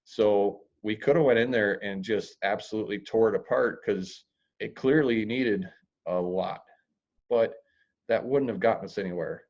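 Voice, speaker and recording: A man's voice: fairly low pitch, normal speed, darkish tone. A man talking as a guest in an interview about real estate, plain-spoken and blunt, with dry humor and the odd crude word. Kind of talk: podcast interview. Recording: dull lo-fi audio.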